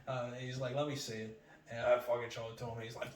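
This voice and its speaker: A male comedian telling a story on a podcast, animated and profane, acting out other people's lines. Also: mid-range voice, quick pace. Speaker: comedian guest. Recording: echoey room, distant mic.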